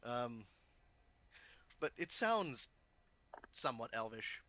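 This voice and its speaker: Bright-voiced man, halting player. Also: mid-range voice, sing-song, dry recording. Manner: halting, stumbling over words. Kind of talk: casual tabletop play.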